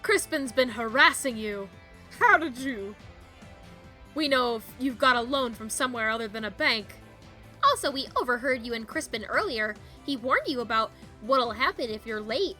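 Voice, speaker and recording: A confident young detective lays out the evidence point by point, crisp and matter-of-fact, as a woman reads her in a mystery game. Her voice is high and bright, recorded close and dry with faint music underneath. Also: lively intonation, normal speed. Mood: probing.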